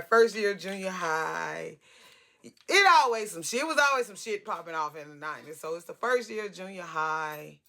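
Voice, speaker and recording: A woman in her forties telling a casual storytime vlog, animated, talkative and blunt, with salty language. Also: on the low side, vocal fry.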